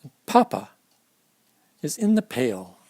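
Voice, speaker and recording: A man's voice: fairly high pitch, huge pitch swings, takes it slowly, creaky, a little mellow, dry recording. A man reading a children's alphabet picture book aloud at storytime, stopping to explain the pictures to young listeners. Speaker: storytime reader.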